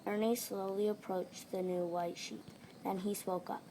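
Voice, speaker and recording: A woman's voice: mid-range voice, steady tone, normal speed, dark tone. A woman reading a children's story aloud with plain, careful narration over a noisy home recording.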